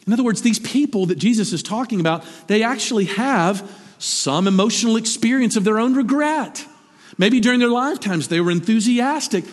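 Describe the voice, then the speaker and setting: A husky man preaching with lively swings in pitch, climbing high for emphasis and sinking low for quiet asides. His voice sits fairly high for a man. A long hall reverb trails behind every phrase. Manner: animated, rising to emphatic peaks then dropping low. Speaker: pastor. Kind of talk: sermon.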